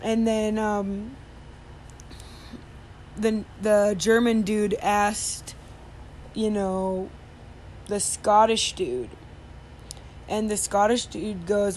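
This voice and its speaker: A woman's voice: mid-range voice, steady tone, drawn-out words, long pauses, darkish tone. A woman telling a story in casual chat, rambling with many fillers and restarts, over faint background noise.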